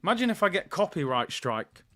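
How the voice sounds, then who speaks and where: Animated man chatting to fans. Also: fairly quick. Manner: animated, rambling, playful, bursts into high shouts. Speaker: football watchalong host. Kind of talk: casual live-stream chat.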